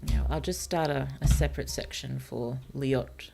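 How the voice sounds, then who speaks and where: A woman streaming as a virtual author, thinking aloud about her novel in a hesitant, musing way, with many fillers and soft laughs. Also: a bass voice, fairly even intonation, normal speed, creaky, music in the background. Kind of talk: casual thinking-aloud livestream while writing.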